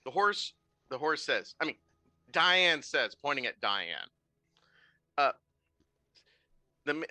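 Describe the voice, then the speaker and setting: A man's voice: fairly high pitch, pushed and bright, no room sound, voice pushed up. A man voicing a pushy half-elf prankster who eagerly tells a joke. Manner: eager, wheedling joke-telling.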